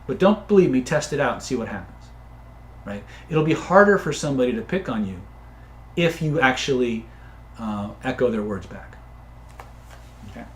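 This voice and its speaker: A man coaching viewers on influence in a casual live-stream, often tagging points with "right?" and shouting out angry characters when he tells stories. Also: medium pitch, lively intonation, normal speed, pauses often, roomy sound, a little hiss or hum. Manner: conversational, tags points with "right?"; acts out angry voices loudly in stories. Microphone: own camera setup.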